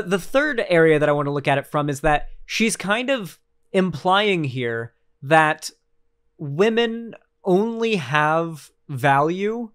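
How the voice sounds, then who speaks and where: A man's voice: on the high side, a bit bright, clear, resonant tone. A man streaming casual political commentary, rambling and sarcastic, with lots of fillers and restarts.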